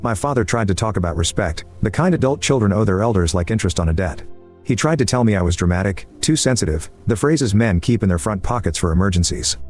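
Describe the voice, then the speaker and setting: A man reading a first-person story aloud in an even, measured scripted narration. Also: on the low side. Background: faint background music.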